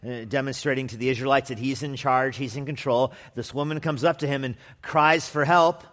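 A man's voice: medium pitch, fairly even intonation, a little fast, fairly bright tone. A man preaching an expository sermon as pastor in a conversational manner with wry asides, sometimes acting out quoted voices. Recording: long hall reverb.

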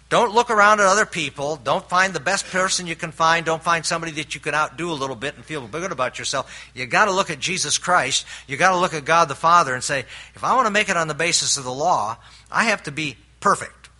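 A man's voice: on the high side, fast, pushed and bright. An older man preaching a sermon in an earnest way, explaining scripture with homely stories and frequent restarts. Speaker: pastor.

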